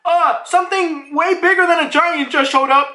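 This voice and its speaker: Guy putting on a panicked young marine, high strained yelling, frantic, roomy echo. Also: moderate pace.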